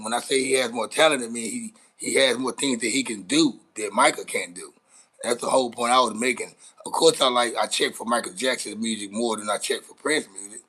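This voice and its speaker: A man hosts his live stream with a bright, forward voice at an ordinary middle pitch. He rambles casually, swears freely and stops to greet viewers in the chat. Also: poor audio. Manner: rambling, profane, chats with viewers. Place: Dallas, Texas.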